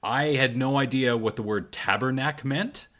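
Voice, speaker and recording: A man's voice: mid-range voice, normal speed, a bit bright. A man co-hosting a casual podcast chat, rambling with frequent hesitations and trailing off. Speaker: podcast co-host.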